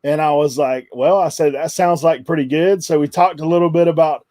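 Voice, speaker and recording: Casting: middle-aged man, slightly high voice, dry close sound, chatty guest telling a find story. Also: fairly even intonation, brisk, warm tone, no room sound. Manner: chatty, laughs through his story. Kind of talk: casual storytelling.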